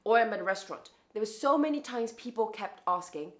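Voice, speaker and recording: Young woman vlogger, just chatting to camera, thinks out loud and repeats herself, mid-pitch voice. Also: lively intonation, fairly quick. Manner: chatty, reflective, restarts and repeats words. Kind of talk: casual talk to camera.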